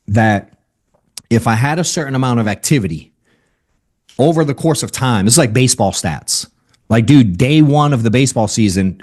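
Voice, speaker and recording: A man giving a casual, energetic sales training over a video call. He talks bluntly and keeps asking "right?" and saying "dude.". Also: medium pitch. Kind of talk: casual motivational training talk.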